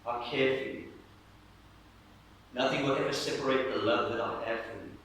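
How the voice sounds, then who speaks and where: A man voicing God in a whispered role-play, speaking softly and tenderly up close, heard in an echoey church from far off. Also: mid-range voice, fairly even intonation, brisk, a little hiss or hum, natural voice. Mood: loving.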